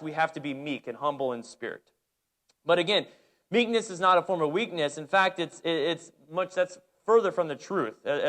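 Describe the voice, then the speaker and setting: Animated male preacher telling a story. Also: a little high. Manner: animated storytelling, shouting when reliving the game, many restarts. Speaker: pastor and girls' basketball coach. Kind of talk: sermon with personal story.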